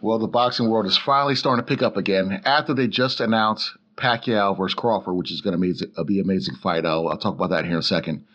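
A man's voice: fairly low pitch, quick pace, few pauses, a bit bright, muffled recording. A man as a guest boxing analyst, talking boxing in a loose, joking way. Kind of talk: casual podcast commentary.

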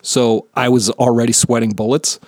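A man's voice: medium pitch, level tone, normal speed, darkish tone, dry recording, clean studio sound. A man from New Jersey, around his thirties, hosting his own podcast in a rambling, profane, self-deprecating chat. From New Jersey, USA. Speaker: podcast host. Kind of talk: casual solo podcast chat. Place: home basement.

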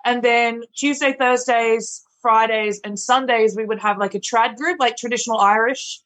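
A woman's voice: fairly high pitch, fairly even intonation, normal speed, a bit bright, poor audio. Chatty woman bartender, swears freely. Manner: swears freely, frequent "like" fillers. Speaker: bartender guest. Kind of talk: casual podcast chat.

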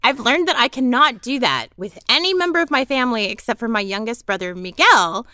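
A woman's voice: on the high side, fairly quick, no echo, clean studio sound. A woman voice actor, probably in her thirties, chatting casually and acting out family members as she tells stories. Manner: animated storyteller who acts out family members. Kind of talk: casual podcast chat.

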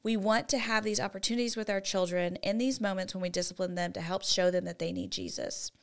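A woman speaks at a middle pitch, earnest and instructive as she lays out faith-based advice on raising children. Her voice carries a slight gravelly fry, and she moves between quiet, soft passages and brighter, louder ones. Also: fast. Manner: earnest and teaching, with lively shifts in volume. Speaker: co-host of a Christian parenting show. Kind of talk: faith-based parenting talk.

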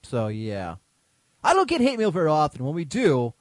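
A man hosting a casual talk show who sounds dry and close on the mic. His voice sits a touch high, and he is quick with a jab as he runs through listener mail. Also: huge pitch swings, no room sound. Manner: wisecracking, reads listener mail. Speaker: host. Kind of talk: casual podcast chat.

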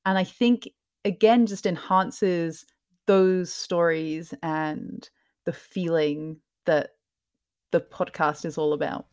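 A woman who hosts and narrates a podcast, answering interview questions in a soft, hesitant way with many fillers. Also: lowish voice, steady tone, takes it slowly. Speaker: podcast host and narrator, guest.

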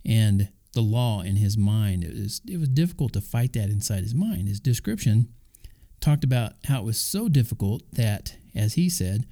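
A man talks through a devotional message in a relaxed, chatty way, tossing in asides and little chuckles. His voice sits low and sounds very dark and mellow. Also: normal speed. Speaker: Christian podcast host. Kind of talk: casual devotional talk.

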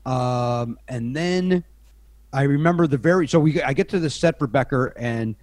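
A middle-aged man chats as a podcast guest, spinning self-deprecating stories with frequent restarts and asides. His voice sits at an ordinary middle pitch. The sound is dry and close, with no room echo. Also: normal speed, darkish tone. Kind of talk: casual anecdotal storytelling.

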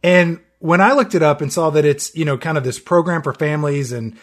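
A man's voice: fairly high pitch, brisk. A man co-hosting a casual movie-review podcast, full of wry, sarcastic asides. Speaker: podcast co-host.

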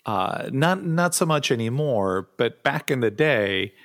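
A man's voice: mid-range voice, animated, a little slow. A man co-hosting a podcast, whose first language is not English, chatting casually with many restarts and fillers. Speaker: podcast co-host.

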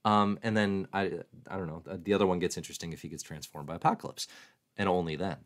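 A comics livestream host with a low, steady voice talks quickly. He keeps things casual, answering viewer questions aloud with jokes and self-mockery.

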